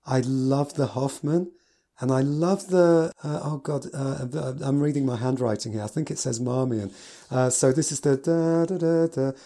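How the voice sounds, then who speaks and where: Male piano teacher, casual review from notes, mellow voice, enthusiastic. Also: medium pitch, normal speed. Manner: enthusiastic, gushing with adjectives.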